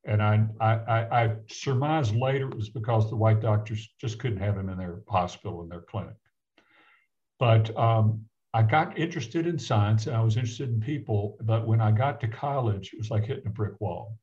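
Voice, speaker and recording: An older man from the American South, a physician guest, telling a personal story in an earnest, halting way with frequent restarts. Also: fairly low pitch, darkish tone. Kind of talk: reflective personal storytelling in conversation. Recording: dull lo-fi audio.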